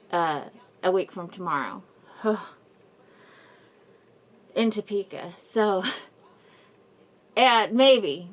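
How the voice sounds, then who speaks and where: A woman's voice: on the low side, a bit bright. Middle-aged woman rambling through a face mask. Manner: rambling, emotional storytelling with frequent laughs and sighs. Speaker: vlogger. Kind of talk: casual personal update to camera. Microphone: speaking through a face mask.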